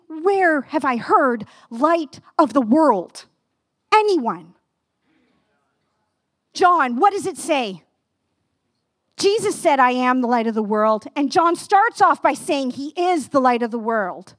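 A woman in her fifties preaching a sermon with passion, asking the listeners direct questions and rising to near-yelling. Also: high voice, animated, unhurried, no echo, studio quality. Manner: asks the audience direct questions.

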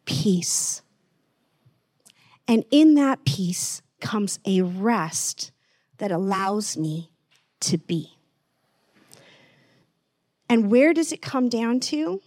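A woman preaching gently in an online sermon, slowing down to stress words and dropping almost to a whisper. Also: mid-range voice, very animated, no echo, clean studio sound. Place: online church service.

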